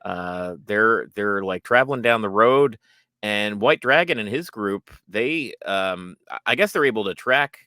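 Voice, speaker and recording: A man's voice: lowish voice, expressive, unhurried, sharp tone, no echo, studio quality. A man co-hosting a casual TV reaction podcast, rambling with frequent ums and laughs. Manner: rambling, many ums and restarts, laughs often. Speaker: podcast co-host. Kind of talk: casual TV episode recap chat.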